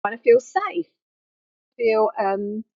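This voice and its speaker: Husky-voiced woman counsellor on a dull mic. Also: a little high, big pitch swings, slow pace, no room sound. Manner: earnest, conversational, repeats key words for emphasis. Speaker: grief counsellor. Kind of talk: talking-head teaching talk on grief. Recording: dull faulty mic sound.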